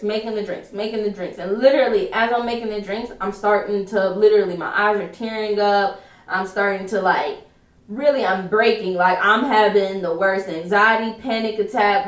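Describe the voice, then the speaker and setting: A young woman telling a personal story in a vlog, quick and emphatic, acting out what people said. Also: medium pitch. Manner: fast, emphatic retelling with acted quotes. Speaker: vlogger. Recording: roomy echo, mic at a distance.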